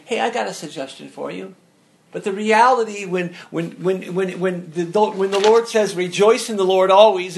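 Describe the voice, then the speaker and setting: Male pastor, fairly high gravelly voice, emphatic sermon delivery with restarts. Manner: emphatic, repeats and restarts words.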